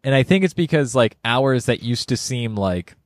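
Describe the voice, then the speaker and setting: A man's voice: mid-range voice, animated, normal speed, dry recording, clean studio sound. A man co-hosting a casual podcast, laughing often and rambling as he talks. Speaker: podcast co-host.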